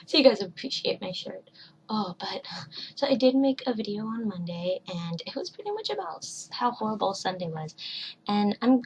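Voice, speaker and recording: A woman's voice: mid-range voice, sing-song, moderate pace, slight background noise, rough recording. A woman in her twenties vlogging at home, rambling casually and dropping into whispered asides. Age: 20s. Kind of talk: casual chat.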